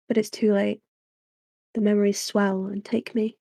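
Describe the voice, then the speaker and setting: A young woman reading a novel aloud on a livestream into a desk microphone at home, in a soft, unhurried narration with chatty asides. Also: mid-range voice, level tone, gravelly, no room sound, studio quality. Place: small room at home.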